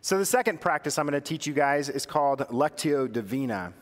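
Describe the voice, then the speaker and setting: Pastor guy teaching prayer practices, slightly high voice, long echo in a big hall. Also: lively intonation. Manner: guides slow breathing prayer, drops soft and low on the repeated phrase; asks the congregation questions and answers them himself.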